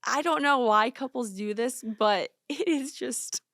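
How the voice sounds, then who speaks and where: A woman's voice: high voice, a little slow, fairly bright tone, no room sound, studio quality. A young woman co-hosting a podcast, chatting casually and giggling, with lots of "like". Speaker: podcast co-host. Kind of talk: casual chat. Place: studio.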